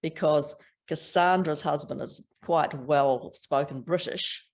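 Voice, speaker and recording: With a low voice and slow delivery, an older woman with a strong New Zealand accent talks as an author guest in a relaxed interview. Her chat is full of laughs and restarts.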